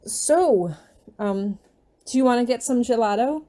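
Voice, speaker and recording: A woman reading her fan fiction aloud in a gentle, unhurried storytelling manner. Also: fairly high pitch, animated.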